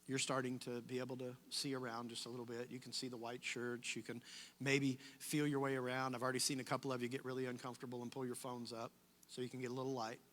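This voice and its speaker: Man introducing a speaker, bright voice. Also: mid-range voice, level tone, fast talker.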